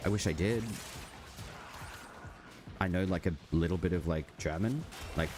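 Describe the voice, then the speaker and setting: A man's voice: sits low, a little slow, long pauses, music in the background. A man streaming a game, chatting casually with his viewers and rambling with lots of "like" fillers. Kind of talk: casual live-stream chat while gaming. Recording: steady background noise.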